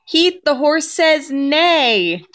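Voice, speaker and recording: A mother reads a picture book to her baby, drawing every word out slowly in a sing-song lilt. Her voice sits high for a woman and swoops up and down as she imitates the animals. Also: very animated, fairly bright tone, a little hiss or hum.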